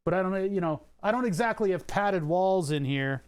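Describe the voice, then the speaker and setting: Here a young man streams casually from an acoustically padded room at home, tinkering as he talks. He rambles, self-corrects, and laughs at his own side remarks in a high, expressive voice that is clear and resonant, at a moderate pace, recorded via a condenser mic with compression.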